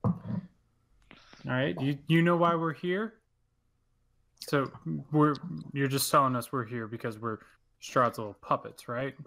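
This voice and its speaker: A man's voice: mid-range voice, steady tone, takes it slowly, long pauses, fairly bright tone, poor audio. A man playing a tabletop game, talking casually, hesitant and wary, often repeating himself. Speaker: player.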